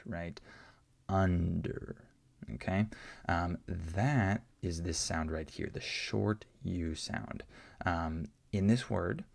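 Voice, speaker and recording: Male pronunciation teacher, deep gravelly voice, unhurried and patient, checks in with "right?" a lot. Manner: explains patiently, many fillers and "right?" checks. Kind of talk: unscripted online lesson answering questions.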